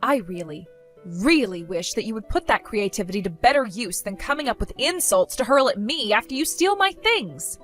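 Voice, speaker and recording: A woman's voice: a little high, big pitch swings, moderate pace, fairly bright tone, faint music behind. A woman voicing a weary, exasperated young married woman who answers with dry sarcasm in a text-story skit. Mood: fed-up.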